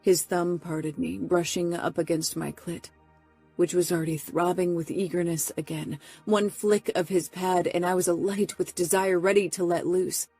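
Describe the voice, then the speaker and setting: A woman narrating a first-person romance audiobook in a steady, close delivery. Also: on the low side, normal speed, breathy edge, soft background music.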